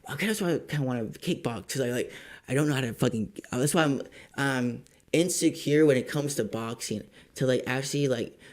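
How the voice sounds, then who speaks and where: A man's voice: mid-range voice, a little fast. A man hosting a podcast, telling a story in a casual, profane, rambling way with lots of fillers. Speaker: podcast host. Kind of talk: casual chat.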